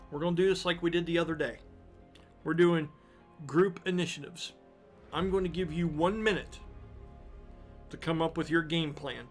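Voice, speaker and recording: A man running a tabletop game as game master, narrating scenes slowly and deliberately. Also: a little high.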